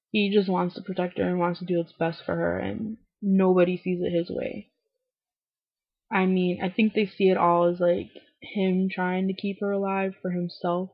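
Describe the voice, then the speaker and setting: A young woman recapping a TV episode in casual chat, full of "like"s and swearing, feeling a little low. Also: creaky, breathy edge, dry recording. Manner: talkative, many "like"s, swears freely, acts out lines in quotes. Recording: dull lo-fi webcam audio.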